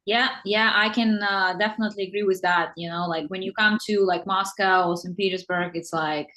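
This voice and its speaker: A woman's voice: mid-range voice, fairly even intonation, a little fast, pushed and bright. A woman hosting an English-learning interview, chatting in a friendly, agreeable way. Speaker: host, English teacher. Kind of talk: casual interview chat.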